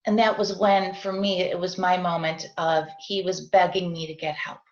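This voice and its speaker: A woman's voice: fairly low pitch, level tone, moderate pace, reverberant, muffled recording. A middle-aged woman, a guest in an interview, giving a heartfelt personal testimony as a parent. She speaks in an earnest, confessional way and often checks in with "right?". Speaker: guest sharing her story as a parent. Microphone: video call.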